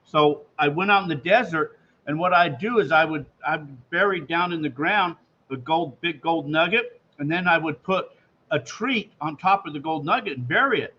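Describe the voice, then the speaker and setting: A man's voice: on the high side, moderate pace, bright, forceful tone. A man hosting a radio show, chatting easily about his dog. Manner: easygoing, chatty. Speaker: host. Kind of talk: casual chat. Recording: dull lo-fi line with faint hiss.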